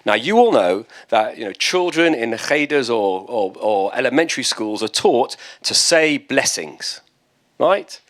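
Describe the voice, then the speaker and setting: British male rabbi lecturing, mid-pitched, chatty asides, quick jokes. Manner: conversational and lively, with asides and jokes. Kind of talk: text-study lecture.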